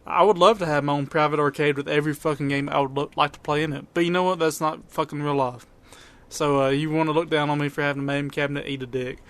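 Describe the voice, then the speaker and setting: A man's voice: on the high side, steady tone, fast, fairly bright tone. A man with a Southern US accent, co-hosting a podcast and ranting bluntly with lots of swearing. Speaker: podcast co-host. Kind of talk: casual chat.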